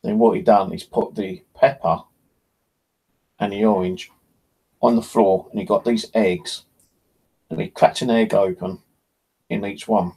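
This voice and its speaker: A channel host rambles in casual, blunt talk and swears freely. His voice sits low with a gravelly crackle and a husky edge. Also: steady tone, unhurried, pauses often, dark tone.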